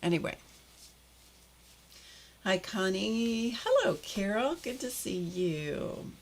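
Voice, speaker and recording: An older woman hosts a live stream, casually reading viewer comments, greeting people by name and laughing often. Her medium-pitched voice is very animated and slow, with slight background noise.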